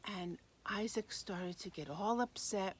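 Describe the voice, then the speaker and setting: A woman telling a Bible story to children in an animated way, speaking straight to them. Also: medium pitch, unhurried, husky. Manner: animated, addresses children directly.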